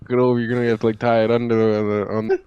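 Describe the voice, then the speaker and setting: A man's voice: mid-range voice, monotone, racing, clean tone, muffled recording. A man playing a tabletop game, blunt and casual, swearing freely. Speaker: player.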